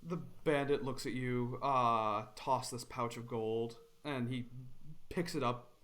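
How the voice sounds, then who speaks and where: A man narrating a tabletop game as game master, relaxed and full of fillers. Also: medium pitch, takes it slowly. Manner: relaxed with many ums and uhs.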